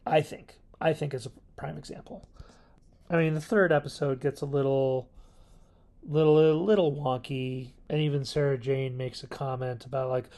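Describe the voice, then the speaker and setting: A man talks through his thoughts as a video host in a loose, rambling review, stopping to correct himself and chuckling along the way. His voice has a gravelly fry at mid pitch. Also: a little slow, a little mellow. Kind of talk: casual review monologue.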